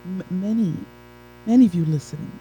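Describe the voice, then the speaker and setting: A woman delivers a motivational talk on a live stream, with a rich, very dark and mellow tone. She is emphatic and preachy, circling back to her key phrases. She breaks off now and then to greet viewers by name. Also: lowish voice, a little fast, slight background noise, low-quality recording.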